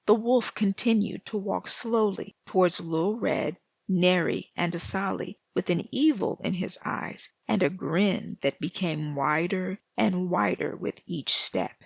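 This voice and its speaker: A woman, the author, reading her storybook aloud in a slow, deliberate way. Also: fairly low pitch, gravelly, slightly rough, no echo. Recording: dull lo-fi recording.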